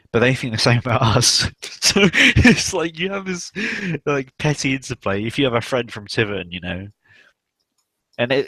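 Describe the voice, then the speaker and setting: A man's voice: mid-range voice, fairly bright tone, dry recording. A young man hosting a casual livestream chat, rambling and swearing, with many fillers. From South West England. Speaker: stream host.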